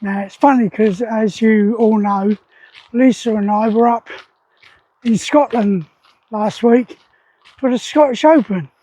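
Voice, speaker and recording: A man's voice: high voice, measured pace, pauses often, warm tone, poor audio. A man talking casually to camera in a rambling, opinionated way, with lots of fillers. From England. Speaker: vlogger.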